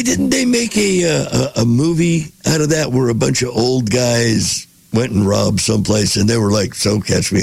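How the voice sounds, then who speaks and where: Gravelly, husky man reading and riffing. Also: medium pitch, darkish tone, no echo. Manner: reads passages then jokes and reacts. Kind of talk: casual reading aloud with commentary.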